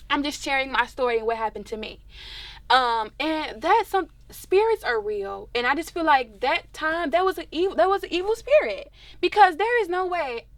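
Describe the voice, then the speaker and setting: High-voiced woman telling stories. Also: normal speed, no echo. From Dallas, Texas. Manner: expressive, animated storyteller. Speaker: singer, interview guest. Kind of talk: casual storytelling interview.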